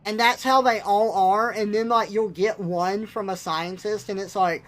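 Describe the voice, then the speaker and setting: A man's voice: high-pitched, fairly even intonation, moderate pace, few pauses, background noise. A young man on a live stream, ranting bluntly and with exasperation, swearing now and then. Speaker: livestreamer. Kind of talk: casual live-stream rant.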